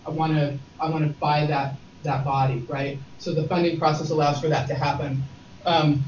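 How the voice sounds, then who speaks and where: A man's voice: a little high, noisy background. Casual rambling man presenting at a distance. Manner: casual, rambling, self-deprecating. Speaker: workshop presenter. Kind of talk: workshop presentation. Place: meeting room. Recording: distant, muffled, roomy.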